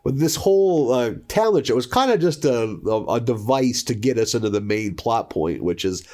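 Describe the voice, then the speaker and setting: Lively, laughing podcast co-host, man. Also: mid-range voice, normal speed. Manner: laughs often, swears freely. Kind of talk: casual chat.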